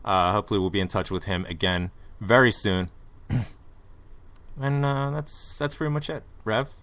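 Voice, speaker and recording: A man's voice: lowish voice, normal speed, a bit bright, no room sound. A man hosting a podcast in casual soccer chat, rambling with fillers and putting on an East London accent. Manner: rambling, lots of fillers and restarts. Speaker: podcast host.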